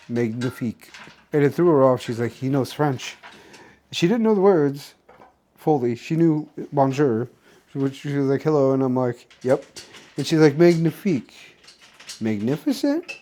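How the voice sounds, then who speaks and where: Man rambling through his day, mellow tone. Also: medium pitch. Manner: rambling, restarts often, filler-heavy storytelling. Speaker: vlogger. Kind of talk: casual rambling daily vlog recap.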